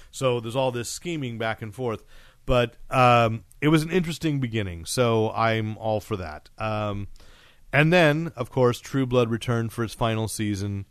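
A man co-hosting a podcast, chatting casually about TV shows in a rambling, animated way with lots of fillers and restarts. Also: medium pitch, dry recording, studio quality. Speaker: podcast co-host.

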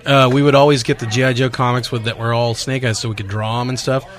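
A man co-hosting a podcast, reviewing comic art in a relaxed, rambling way. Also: mid-range voice, fast talker. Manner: relaxed, rambling, many fillers and restarts. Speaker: podcast co-host. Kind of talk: casual comic book review.

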